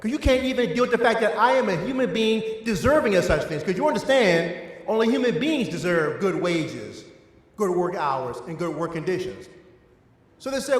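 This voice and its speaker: Emphatic teacher with a Maryland accent. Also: male voice, sits high, big pitch swings, normal speed. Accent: Eastern Shore of Maryland. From Eastern Shore of Maryland. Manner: emphatic, rising and falling for stress. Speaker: church class teacher. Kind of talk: adult education lecture. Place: church hall. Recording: echoey hall with long reverb.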